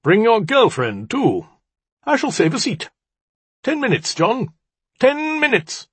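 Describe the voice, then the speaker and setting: A man reading an audiobook, voicing a fussy, pompous gentleman who speaks in a hurried, high, insistent voice. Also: huge pitch swings, slightly rough, no room sound, full character voice. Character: fussy, pompous man calling through a magic orb.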